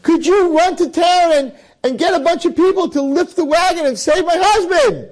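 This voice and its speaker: A man voicing a frantic woman pleading for help for her trapped husband, high and urgent. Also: normal speed, poor audio. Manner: high-pitched, screaming for help.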